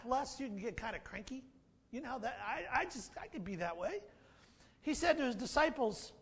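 A man's voice: extremely high pitch, a bit bright. A male pastor preaching a sermon, telling the story and asking the congregation questions. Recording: long reverb of a large hall.

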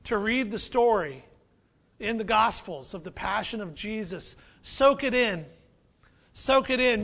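A man's voice: sits high, vocal fry, fairly bright tone. A man preaching a sermon as pastor, conversational and humorous, repeating phrases for emphasis.

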